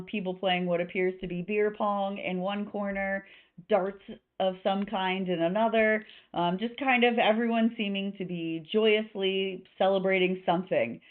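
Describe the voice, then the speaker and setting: A woman narrating as game master of a tabletop game, describing scenes loosely with many fillers. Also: medium pitch. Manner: rambling descriptions full of fillers. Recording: tinny phone-like online call.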